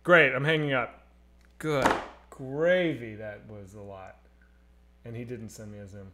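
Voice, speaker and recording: A man in his thirties hosting a casual live stream, joking and swearing as he reads chat, swinging between loud and quiet. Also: medium pitch, unhurried, slight background noise. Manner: animated, swearing, jokey, swings loud and soft. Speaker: streamer host.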